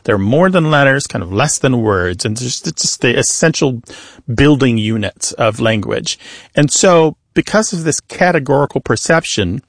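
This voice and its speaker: A man's voice: medium pitch, lively intonation, moderate pace, dry recording, studio quality. A man co-hosting a call-in radio show, explaining language to callers patiently and with examples. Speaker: radio show co-host, linguist.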